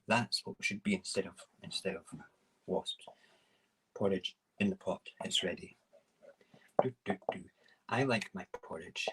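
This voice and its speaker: Very deep-voiced man chatting. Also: measured pace, husky, rough recording. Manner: rambling, animated, self-mocking. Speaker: morning show host. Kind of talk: casual live-stream chat while cooking.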